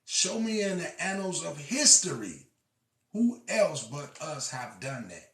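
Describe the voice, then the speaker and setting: Passionate male storyteller, rough-edged and repetitive, distant in an echoing room. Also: on the high side, sing-song, measured pace. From Illinois. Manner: impassioned, swings from shouting to quiet; profane, repeats himself. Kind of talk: preaching monologue. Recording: echoey room, far from mic.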